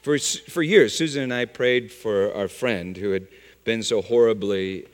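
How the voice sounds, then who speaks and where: A man preaching a sermon, swinging from loud exclamations to hushed, low phrases. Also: measured pace. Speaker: pastor. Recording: long hall reverb.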